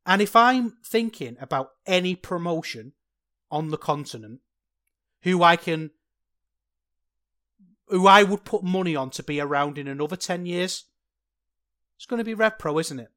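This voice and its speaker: Mid pitch, podcast co-host, passionate rant, sheepish asides. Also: animated, moderate pace, long pauses. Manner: impassioned ranting, then sheepish and soft. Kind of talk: casual podcast review chat.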